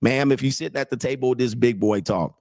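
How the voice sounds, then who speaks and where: A blunt, crude man in his late forties riffs and reads chat on his livestream, mocking his listeners and laughing at his own jokes. His voice sits at an ordinary middle pitch. The sound is dry and close, with no room around it. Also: fast talker, a little mellow, no echo. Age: 40s. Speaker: host and dating coach. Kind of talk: livestream commentary reading chat.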